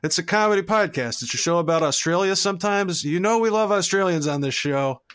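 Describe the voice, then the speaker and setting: A man's voice: high voice, lively intonation, a little fast, fairly bright tone, clean tone. A young man co-hosting a comedy podcast, chatting in a crude, easygoing way and laughing often. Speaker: podcast co-host. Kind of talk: casual comedy podcast chat.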